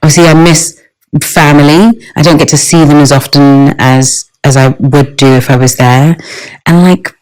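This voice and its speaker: A woman with a London accent, a podcast guest talking in a relaxed, thoughtful way. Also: sits low, normal speed, low-quality recording. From Stockwell, London, England. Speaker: guest, actor and singer. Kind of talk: casual interview chat.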